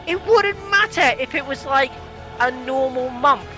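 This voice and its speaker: A British man hosting a comedy show, swearing and ranting in exasperation with sudden shouts. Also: very high voice, animated, a little slow, soft background music, low-quality recording. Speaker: host. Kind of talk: comedic rant.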